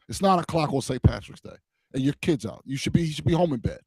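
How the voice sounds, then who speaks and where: A man's voice: a little high, lively intonation, fast talker, warm tone, slightly rough, dry recording, rough recording. A man co-hosting a talk show, casual and blunt, laying out his opinions with emphasis. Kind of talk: casual chat.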